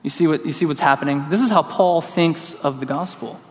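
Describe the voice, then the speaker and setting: A man preaching a sermon in a church, telling a lively personal story and acting out the voices in it. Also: a little high, a little fast, long reverb tail. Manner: storytelling, acts out quoted voices. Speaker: pastor.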